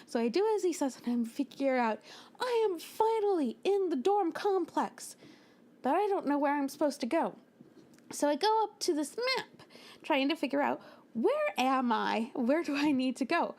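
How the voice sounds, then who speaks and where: A young woman from the United States, telling a storytime over a speedpaint in an animated way. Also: high voice. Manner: animated, acts out quoted lines with little voices and laughs. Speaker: storytime narrator.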